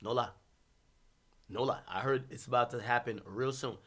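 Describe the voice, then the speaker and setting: A man hosting a livestream, ranting about hip-hop in a casual, profane, animated way with bursts of laughter. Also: medium pitch, moderate pace.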